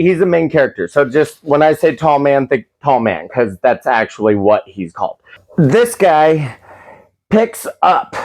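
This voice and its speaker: Rambling, profane man recapping a film. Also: on the high side. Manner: rambling, profane, frequent restarts and acted quotes. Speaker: movie reviewer.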